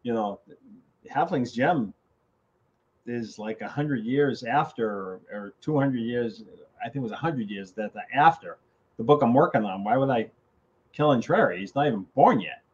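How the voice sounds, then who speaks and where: An older male author in a casual interview, telling animated stories and acting out conversations. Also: mid-range voice, normal speed, slightly rough. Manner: animated, acts out quoted phone calls. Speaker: author guest. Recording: slightly dull lo-fi audio.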